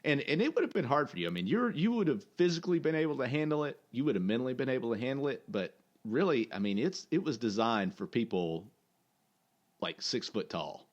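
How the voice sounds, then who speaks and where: A man's voice: medium pitch, very animated, a little fast, dull audio. A man in his forties co-hosting a podcast, chatting casually and mostly chiming in with short replies. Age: 40s. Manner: brief agreeing replies, laughs along. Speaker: podcast co-host. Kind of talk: casual chat.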